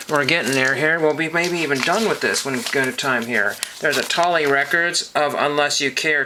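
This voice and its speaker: A man's voice: mid-range voice, background noise. Rambling man flipping through records. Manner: rambling, hesitant, full of ums and self-corrections. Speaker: record collector showing his collection. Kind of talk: casual show-and-tell monologue.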